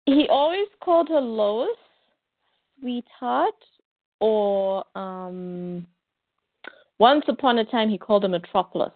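A woman co-hosting a casual chat, chatty and quick to chime in. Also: a little high, lively intonation, dry recording. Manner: slow, chatty, with interjections. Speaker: comics podcast co-host. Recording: tinny phone-like line, dry.

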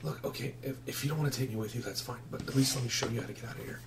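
A frightened young boy whispers urgent pleas in a tabletop whispered role-play, as the game master puts him on. His hushed voice sits far from the mic over a steady noise bed. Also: medium pitch, rapid-fire, close to an everyday voice. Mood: pleading. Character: scared young boy, secretive and pleading. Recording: distant noisy mic.

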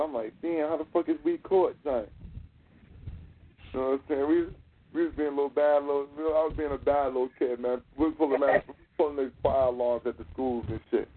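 A man's voice: medium pitch, a little hiss or hum. A man in casual storytelling chat, with a loose, profane, laughing manner. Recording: tinny phone-like audio.

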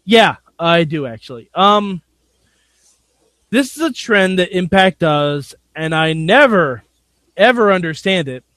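A man's voice: high voice, lively intonation, fairly bright tone, no room sound. A man co-hosting a casual wrestling podcast, joking and laughing as he talks. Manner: joking, laughing, fast bursts. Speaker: podcast co-host.

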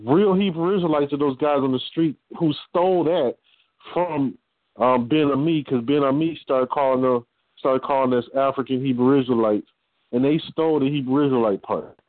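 A man's voice: medium pitch, moderate pace, no echo. Emphatic middle-aged man on a tinny line. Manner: emphatic, lecturing. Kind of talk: casual talk show discussion. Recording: tinny phone-like line, dry.

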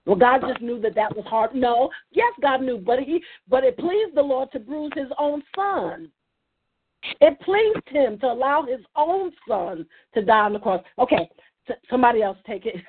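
A woman with a high, expressive voice leads a casual faith roundtable by phone, speaking at normal speed. She's earnest but full of restarts and fillers, and the tinny line has a little hiss or hum.

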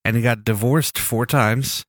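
A man's voice: medium pitch, steady tone, unhurried, no echo, studio quality. A man with a stuffy nose from a cold, hosting a casual podcast chat, rambling and joking as he steers the talk. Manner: rambling, joking, bossy with co-host. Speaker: podcast host.

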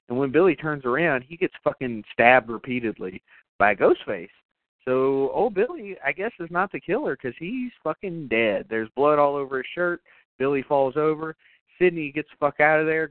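A man's voice: fairly high pitch, dry recording. A man co-hosting a podcast, recapping a horror movie in casual, profane chat with lots of fillers and laughs. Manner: profane, rambling, laughs often. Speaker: podcast co-host. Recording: tinny phone-like, dry sound.

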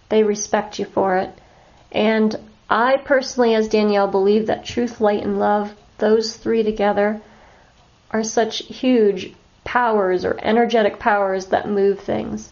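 A woman's voice: a little high, darkish tone. Earnest woman teaching a class, slightly muffled. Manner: earnest, instructive, often checks in with "okay?". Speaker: animal communication teacher. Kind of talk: online class lecture.

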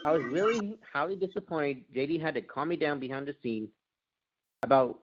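A man's voice: fairly high pitch, a little fast, background noise. Hesitant man on a podcast panel. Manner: hesitant, many ums. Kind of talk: casual podcast chat. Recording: dull lo-fi sound.

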